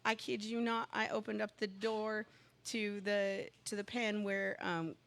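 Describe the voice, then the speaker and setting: A woman chatting casually as a guest, telling a long rambling story and getting excited as it goes. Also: mid-range voice, measured pace, gravelly. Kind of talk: casual chat.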